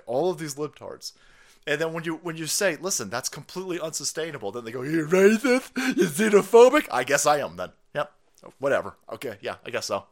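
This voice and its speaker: A man hosting a livestream, ranting in a mocking, combative way that swings from loud outbursts to low muttering, and reading viewer chat aloud. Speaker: livestream host. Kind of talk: ranting political commentary livestream.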